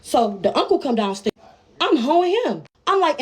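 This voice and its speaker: A woman's voice: sits high, big pitch swings, moderate pace. A woman telling a personal story to her viewers in a brash, profane, casual way, constantly calling out to them as y'all.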